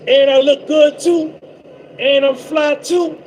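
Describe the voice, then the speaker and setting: A man's voice: very high voice, fairly even intonation, slow, a little hiss or hum, low-quality recording. A man from North Jersey with a New Jersey accent, boasting and repeating himself in a casual live-stream monologue. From North Jersey, USA. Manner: boastful, repetitive, giving shout-outs. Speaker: trucker livestream host.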